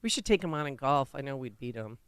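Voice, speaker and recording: Smooth-voiced chatty female co-host. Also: very deep voice, very animated, no echo. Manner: chatty, quick to laugh, indignant. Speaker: radio co-host. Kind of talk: talk radio banter. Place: radio studio.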